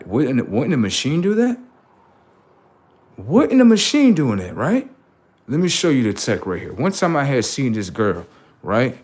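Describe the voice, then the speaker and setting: A man streaming live, rambling through commentary and stories and checking in with "right?" often. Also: mid-range voice.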